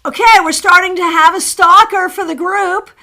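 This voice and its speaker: A middle-aged woman hosting a live tarot stream, chatting warmly as she greets viewers by name and reads their cards. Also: very high-pitched, steady tone, normal speed.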